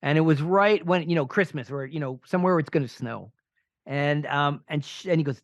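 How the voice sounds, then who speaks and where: A middle-aged man co-hosts a podcast and tells an animated personal story, eager and warm in his delivery. His voice sits fairly high. The sound is dry and dull, with a lo-fi edge. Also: normal speed, dry recording. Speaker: podcast co-host. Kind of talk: casual chat and storytelling.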